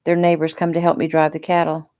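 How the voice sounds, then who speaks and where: A woman reading the lines of a plainspoken, teasing rancher man in her own low voice during a casual audiobook reading. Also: monotone, quick pace, dark tone, close to an everyday voice. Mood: dry.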